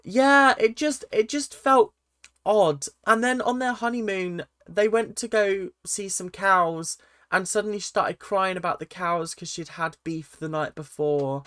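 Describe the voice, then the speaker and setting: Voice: mid-range voice, measured pace, a bit bright, no room sound. A reality TV reaction vlogger, casual and sarcastic, often repeating phrases in exasperation.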